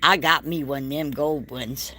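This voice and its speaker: A woman's voice: low-pitched, steady tone, moderate pace, sharp tone. A woman, filming a casual vlog walk-through of an indoor shop on a handheld phone, exclaiming and gushing over what she sees. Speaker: vlogger.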